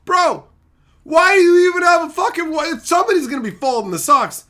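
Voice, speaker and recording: A man's voice: extremely high pitch, sing-song, brisk, sharp tone. A man live-streaming, talking crudely and rowdily as he mocks his chat. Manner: crude, rowdy and mocking. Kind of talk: casual live-stream banter.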